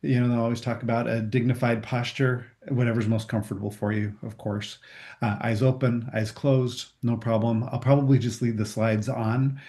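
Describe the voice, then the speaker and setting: A man leading a group through a guided meditation, calm and gently reassuring. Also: mid-range voice, moderate pace. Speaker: meditation instructor. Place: room with a group.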